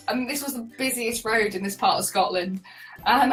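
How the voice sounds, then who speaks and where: A chatty woman shares her stories as an interview guest, lively and quick to laugh. She sits a little back from the mic, and faint music plays underneath. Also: fairly high pitch, distant mic, rough recording. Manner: chatty, animated, laughs often. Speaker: guest, solo cyclist. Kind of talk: conversational interview storytelling.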